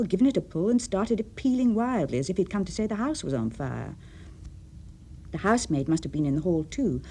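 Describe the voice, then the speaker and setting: A woman with an English accent reading a short story aloud for radio, with expressive storytelling. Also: lowish voice, breathy edge. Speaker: reader.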